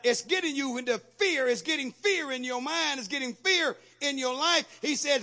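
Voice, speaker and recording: A male pastor preaching a sermon with call-and-response, building from steady teaching to shouted exhortation. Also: extremely high pitch, moderate pace, hardly any pauses.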